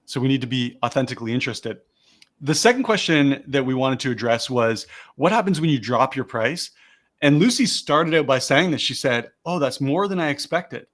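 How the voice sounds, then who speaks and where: A man's voice: medium pitch, expressive, moderate pace, fairly bright tone. A man leading a live online sales lesson on a video call, explaining each step and then acting out the phrasing he recommends. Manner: explains steps, then models the lines he teaches.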